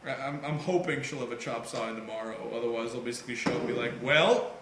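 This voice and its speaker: A man on a podcast telling goofy stories in a casual, animated way, laughing loudly and often. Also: mid-range voice, fast. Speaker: podcast co-host. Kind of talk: casual storytelling chat. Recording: echoey room with faint noise.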